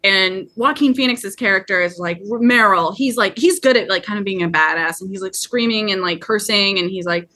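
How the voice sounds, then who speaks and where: A woman comedian chatting as a podcast guest, enthusiastic and quick to laugh, with lots of "like" fillers. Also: medium pitch, pushed and bright. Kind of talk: casual podcast chat.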